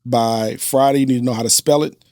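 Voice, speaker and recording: A man's voice: medium pitch, steady tone, fairly quick, a little mellow, dry recording. A man with a mid-range voice speaking as a podcast guest. He tells stories earnestly and lays out lessons step by step, with ordinary fillers. The recording is dry and close. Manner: earnest, instructive storyteller with fillers. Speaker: guest, business owner and father. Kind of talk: casual interview chat.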